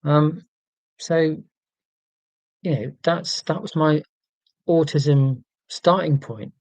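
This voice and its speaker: A man's voice: a little high, slow pace, a little mellow, no room sound, lo-fi sound. A man hosting a casual livestream, reading out viewer comments and talking in an earnest, rambling, self-deprecating way with many ums and restarts. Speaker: livestream host.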